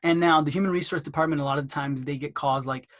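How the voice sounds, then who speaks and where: A man casually teaching marketing for a dental practice, with lots of fillers, who acts out phone conversations by jumping into a higher voice. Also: fairly even intonation, fast talker. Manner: acts out phone dialogues in a raised voice; loose, filler-heavy delivery. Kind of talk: casual instructional talk.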